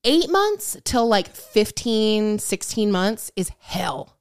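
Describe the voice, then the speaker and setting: A woman's voice: medium pitch, very animated, slow pace. A woman co-hosting a podcast, ranting bluntly and swearing freely, acting out quoted people in her stories. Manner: acts out quotes in shifting voices. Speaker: podcast co-host. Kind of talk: casual chat.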